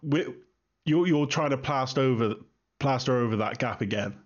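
A man's voice: medium pitch, moderate pace. A man co-hosting a football podcast in casual chat, hesitant and questioning, with frequent ums. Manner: hesitant, lots of ums and restarts, asks questions. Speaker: podcast co-host, football fan. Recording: muffled lo-fi sound.

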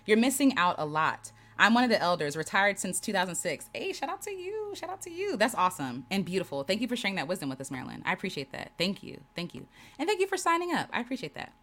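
Woman doing a chill livestream, reading comments out loud, lots of ups and downs in her voice, laughs a bunch. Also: on the low side, very animated, fast, hardly any pauses. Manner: warm, affirming, laughs often, reads comments aloud. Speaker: host reading live chat. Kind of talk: casual livestream chat.

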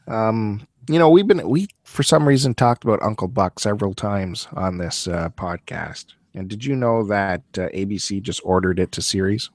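Chatty podcast host, low voice. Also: male voice, moderate pace, hardly any pauses, a little mellow, no echo, studio quality. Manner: chatty, teasing, laughs often. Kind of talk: casual chat.

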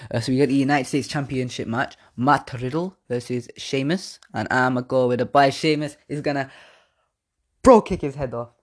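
A man hosting a podcast, rambling through casual chat with slang, swearing and self-mocking laughs. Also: mid-range voice. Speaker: podcast host. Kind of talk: casual wrestling predictions chat.

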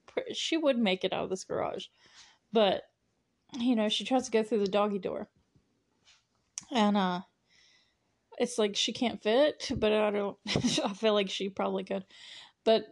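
A woman's voice: mid-range voice, a little mellow. A young woman hosting a podcast, casually recapping a movie with frequent laughs and sarcastic asides. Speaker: podcast host.

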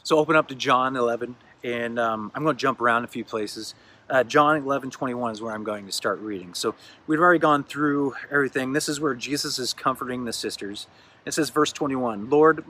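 A man's voice: medium pitch, bright, forceful tone, slightly rough. A man preaching a casual sermon, reading scripture aloud and stumbling over restarts and fillers. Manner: conversational, with filler words and restarts. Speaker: pastor.

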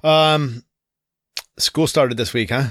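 Laughing, animated middle-aged man. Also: medium pitch, slow pace, no echo, clean studio sound. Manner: laughs often, animated storytelling. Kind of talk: casual chat.

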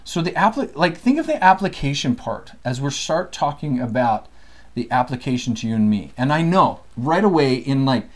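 Brief: man co-host, lively swooping delivery, playful scripture teacher. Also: mid-range voice, moderate pace. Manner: animated, playful, laughs often. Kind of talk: casual scripture study chat.

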